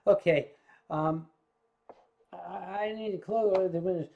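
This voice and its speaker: Older guy on a livestream, kinda tipsy, slow rambling talk, lots of stammering and swearing. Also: sits high, vocal fry, a little mellow. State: tipsy from drinking. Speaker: livestream host.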